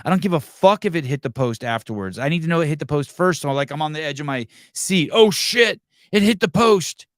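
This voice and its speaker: A male podcast host in casual chat, ranting in a profane, animated way. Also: a little high, quick pace, dry recording, studio quality.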